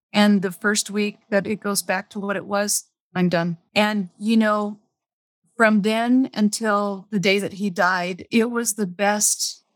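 A woman's voice: mid-range voice, no echo, clean studio sound. Candid woman telling a personal story. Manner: candid, plain-spoken, repeats phrases for emphasis. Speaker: podcast guest.

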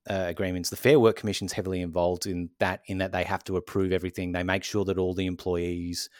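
A man co-hosting a podcast, calmly explaining things step by step with many "so essentially" fillers. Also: low-pitched, no echo, studio quality. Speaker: podcast co-host. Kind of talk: casual explanatory chat.

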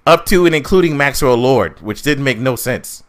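Casting: male podcast co-host, mid-pitched voice, animated, profane ranting in casual chat. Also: moderate pace. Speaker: podcast co-host reviewing a film.

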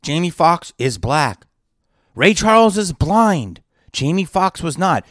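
A man's voice: on the high side, sing-song, slow, fairly bright tone, no room sound, clean studio sound. A man hosting his own podcast, ranting with sarcastic rhetorical questions in an indignant monologue. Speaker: podcast host and actor.

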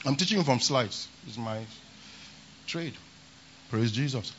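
A man's voice: mid-range voice, expressive, measured pace, fairly bright tone, highs cut off, slight background noise. A man preaching a sermon at a conference, emphatic and often repeating a refrain of praise. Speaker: pastor. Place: large conference hall.

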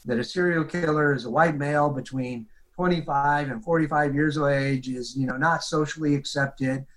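A man's voice: fairly high pitch, normal speed, rough recording. A man retelling a case as a guest, quoting others in vivid detail. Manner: animated retelling, quotes others. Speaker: detective guest. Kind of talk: storytelling in an interview.

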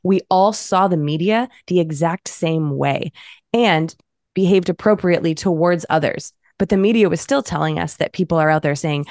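A woman's voice: lowish voice, normal speed, no echo, studio quality. A woman from Massachusetts co-hosting a podcast, chatting casually and telling stories with blunt, profane energy. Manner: blunt, profane, animated storytelling. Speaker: podcast co-host.

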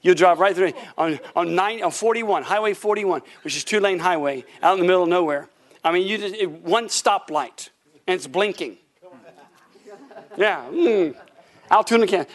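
A middle-aged man, a pastor, telling animated stories from the pulpit during a sermon, breaking into laughter and shouts at the punchlines. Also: high-pitched, normal speed. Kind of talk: sermon storytelling. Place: church sanctuary.

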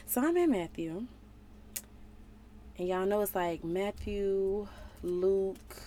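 A young woman talks through a Bible passage in a relaxed, slangy way, full of playful asides. Her voice is warm and mellow, with a faint hiss of noise behind it. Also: mid-range voice, slow. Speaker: relationship vlogger. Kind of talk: casual Bible study talk.

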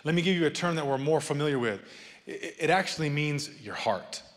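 Male pastor, higher-pitched voice, animated sermon delivery with joking asides, long church-hall reverb. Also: brisk. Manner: animated preaching, rising loud then dropping soft, joking asides. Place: church sanctuary.

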